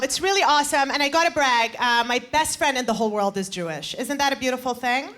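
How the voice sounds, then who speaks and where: A woman's voice: sits high, fast. A woman in her twenties performing stand-up comedy with punchy, playful crowd work on a live stage. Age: 20s. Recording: live stage mic over loud crowd noise.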